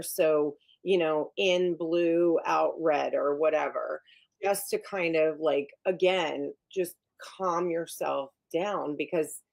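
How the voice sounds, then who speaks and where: Low-voiced, emphatic woman coach. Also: vocal fry. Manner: emphatic, animated storytelling with many fillers and restarts. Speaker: executive coach, guest. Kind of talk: podcast interview.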